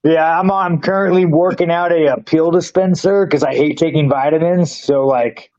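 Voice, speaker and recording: A man's voice: fairly high pitch, moderate pace, darkish tone. A man in his thirties, a guest fighter in a casual interview, telling blunt, rambling stories full of swearing. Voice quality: profane, brash. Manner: blunt storytelling, loose and rambling. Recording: dull lo-fi sound.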